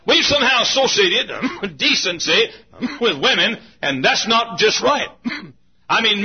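A man preaching a sermon in a church, folksy, swinging from low asides to shouts. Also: slightly rough. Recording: muffled lo-fi recording.

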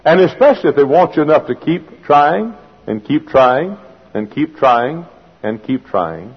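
A man's voice: fairly high pitch, sing-song, measured pace, husky. A man preaching a sermon, moving from folksy storytelling to fervent preaching. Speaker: pastor. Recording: dull lo-fi sound with long hall reverb.

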